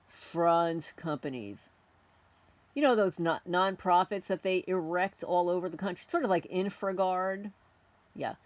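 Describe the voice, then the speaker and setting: A woman's voice: fairly low pitch, unhurried, dry recording. A middle-aged woman hosting a homesteading channel, delivering an indignant, confrontational rant aimed at unseen tormentors. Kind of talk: ranting monologue to camera.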